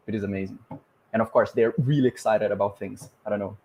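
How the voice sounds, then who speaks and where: A man from Brazil with a Brazilian Portuguese accent, speaking English as a second language in a relaxed podcast chat, pausing often to look for words. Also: lowish voice, rough recording. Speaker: podcast host. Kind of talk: casual conversation in English.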